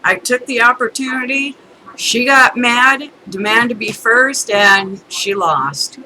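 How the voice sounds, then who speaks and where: Middle-aged woman, rambling storytime rant, bright voice, a bit high, faint room hum behind. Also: takes it slowly, low-quality recording. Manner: rambling, chatty, breaks into laughs. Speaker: vlogger. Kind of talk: casual ranting storytime.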